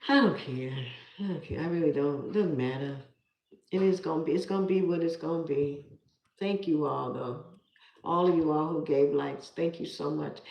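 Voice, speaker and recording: A woman's voice: deep voice, normal speed, creaky, highs cut off. Middle-aged woman, emphatic, in a roomy space. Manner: emphatic and preachy, repeating herself. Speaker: live streamer. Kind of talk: casual live-stream talk, reading viewer comments. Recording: roomy echo.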